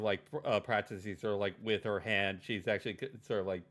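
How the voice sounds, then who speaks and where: Male tabletop player, low voice, hesitant, rambling description. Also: fairly even intonation, fast, hardly any pauses, a bit bright. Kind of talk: describing actions in a tabletop game.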